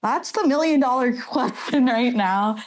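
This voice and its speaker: A woman's voice: high voice, expressive, measured pace. A woman in her twenties, a graduate student guest, speaking casually in an upbeat, articulate way. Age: 20s. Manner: upbeat, articulate, light laughs. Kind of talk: casual chat.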